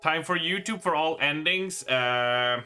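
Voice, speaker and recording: Excitable man streaming a horror game. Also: a little high, unhurried, smooth, soft background music. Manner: excitable, swears and exclaims, reads in-game narration aloud. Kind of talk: live gameplay commentary, reading game text aloud.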